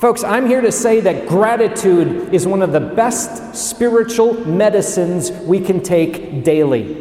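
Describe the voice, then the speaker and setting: A man's voice: high voice, animated, unhurried, warm tone. A man preaching a sermon as a priest, emphatic and fond of stacking words into repeated series. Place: cathedral. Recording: echoey cathedral with long reverb.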